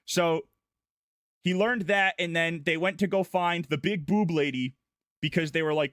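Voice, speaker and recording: A man's voice: on the high side, measured pace, fairly bright tone, no echo, clean studio sound. A man streaming as a vtuber, goofily recapping a story in long run-on sentences. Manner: goofy, irreverent, breathless run-on storytelling. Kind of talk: casual rambling plot recap.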